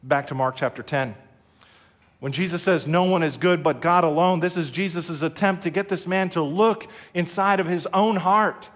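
Earnest preacher, man, slightly high voice. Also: moderate pace, fairly bright tone. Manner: earnest preaching with call-and-response. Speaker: pastor. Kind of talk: sermon.

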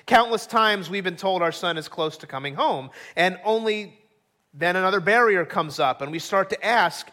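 A man's voice: high voice, lively intonation, normal speed, sharp tone. A middle-aged man preaching a sermon as pastor, earnest and acting out quoted voices.

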